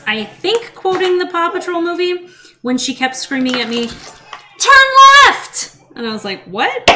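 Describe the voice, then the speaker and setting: A woman's voice: fairly high pitch, very noisy. A woman baking in her home kitchen, chatting casually and mocking herself, sometimes muttering to herself as she works. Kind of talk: casual cooking vlog.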